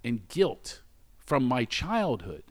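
A middle-aged man with an ordinary mid-range voice tells a personal story openly. He is animated and acts out each quoted exchange with sudden high exclamations, then turns quiet and reflective about shame and recovery. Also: takes it slowly. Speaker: guest telling a personal story. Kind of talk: candid conversational storytelling.

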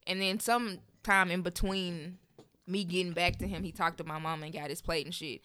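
A young woman co-hosting a podcast, chatting casually with profane, animated storytelling and loud outbursts. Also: on the low side, fairly quick, smooth. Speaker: podcast co-host. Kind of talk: casual chat.

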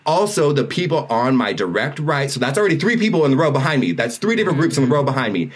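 A man's voice: mid-range voice, quick pace, slightly rough. A man co-hosting a podcast, telling a story in casual chat and acting out the lines of the people in it. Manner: animated storyteller who acts out other people's lines. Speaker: podcast co-host.

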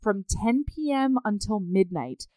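A woman co-hosting a podcast, chatting casually about a book and reading quotes aloud with animated voices. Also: mid-range voice, measured pace, no room sound. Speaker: podcast co-host. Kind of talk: casual book-club chat.

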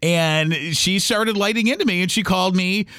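Middle-aged male podcast host, rambling and heated, slightly high voice, dry recording. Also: normal speed, pushed and bright, clean tone, no room sound. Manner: rambling, heated, full of restarts and acted-out quotes. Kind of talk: solo podcast monologue.

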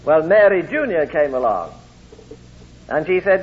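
A man's voice: a little high, big pitch swings, unhurried, pauses often. A man preaching a sermon, telling anecdotes and acting out the quoted voices in his stories. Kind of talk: sermon with storytelling. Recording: tinny phone-like lo-fi recording.

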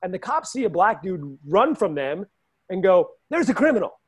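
High-voiced animated man telling stories. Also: normal speed, husky. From Los Angeles. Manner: animated, acts out quotes with raised pitch. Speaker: fight coach and show regular. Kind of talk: casual chat, storytelling.

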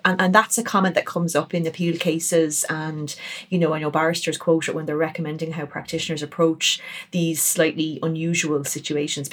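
A woman from Ireland hosting a podcast, talking in a conversational way and thinking aloud. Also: fairly low pitch. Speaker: podcast host. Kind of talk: podcast interview.

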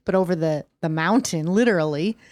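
A woman's voice: lowish voice, fairly quick, darkish tone, dry recording, studio quality. A woman co-hosting a podcast, telling stories in a brash, swearing, casual way. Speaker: podcast co-host. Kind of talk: casual chat.

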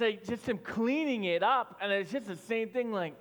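A man in his thirties preaches a sermon with a fairly high voice, chatty and full of fillers. He rises to loud, pressing lines and then drops to near-whispered prayer. Soft music plays under him, and his voice rings through a big reverberant hall. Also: normal speed, few pauses. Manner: conversational storytelling with fillers, swelling loud then dropping soft. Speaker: pastor.

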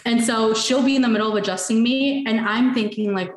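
A woman's voice: a little high, fairly quick, reverberant. A woman guest on an interview podcast, chatting casually and eagerly acting out conversations as she tells stories. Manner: animated storyteller, acts out conversations.

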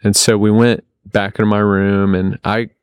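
A man, a podcast guest, telling a long personal story in a casual, animated way, often repeating his words. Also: lowish voice, moderate pace, clean tone, dry recording, studio quality.

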